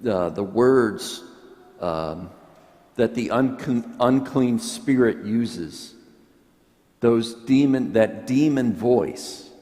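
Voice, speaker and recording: A man preaching a homily as a priest, slow and reflective, pausing and restarting as he thinks aloud. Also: mid-range voice, animated, warm tone. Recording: long church reverb.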